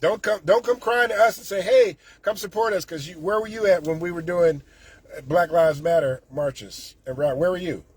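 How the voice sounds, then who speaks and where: Indignant husky man ranting. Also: a little high, moderate pace. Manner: indignant, sarcastic, emphatic with frequent restarts. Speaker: political commentator. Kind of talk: casual political rant.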